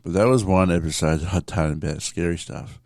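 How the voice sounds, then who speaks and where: A man with a very low voice hosts his podcast in a loose, rambling monologue, swearing freely and calling his listeners mate. The sound is dry and close, with no room in it. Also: a little fast, a little mellow, no room sound. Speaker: podcast host. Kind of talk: casual storytelling monologue.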